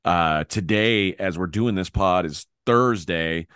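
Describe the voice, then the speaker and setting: A man's voice: low voice, slow, a bit bright, smooth, no room sound, clean studio sound. A man hosting a sports betting podcast, talking in a loose, rambling way and often correcting himself. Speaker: podcast host. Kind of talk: casual sports betting chat.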